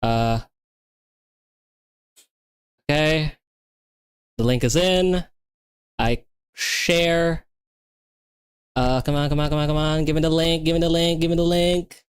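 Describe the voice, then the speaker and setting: A young woman streaming herself coding, talking excitedly and repeating herself as things work or fail. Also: low-pitched, slow pace, pauses often, clean tone, no echo. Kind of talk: livestreamed coding session chat.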